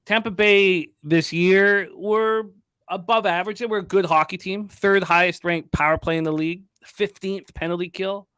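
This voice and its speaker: Male host, sports betting talk, brisk stat rundown, slightly high voice, dry close sound. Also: fairly even intonation, a bit bright, clean tone, no echo. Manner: rattles off stats, brisk and emphatic.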